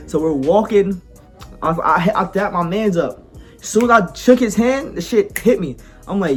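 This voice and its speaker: A man's voice: sits high, expressive, brisk, soft background music. Young man telling a laid-back story. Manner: laid-back slangy storytelling, often laughing. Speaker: podcast co-host. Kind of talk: casual storytelling chat.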